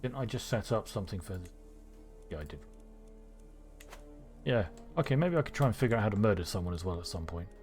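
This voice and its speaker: A man streaming a strategy game live, thinking aloud with excitable bursts. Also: lowish voice, quick pace, pauses often, faint music behind.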